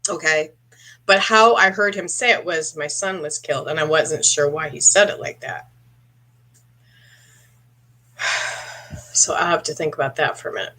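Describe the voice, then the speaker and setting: A woman psychic medium giving a live-stream reading, speaking haltingly and clearing her throat often as she asks a viewer questions. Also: sits low, bright, forceful tone. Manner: halting, searching delivery with frequent throat clearing; addresses a viewer directly with questions.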